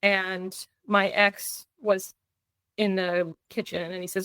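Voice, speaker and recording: A woman's voice: mid-range voice, flat delivery, slow pace, fairly bright tone, clear, resonant tone, dry recording. A middle-aged woman telling a personal story as a podcast guest, with earnest recounting that keeps slipping into quoted dialogue. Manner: restarts and fillers when tense.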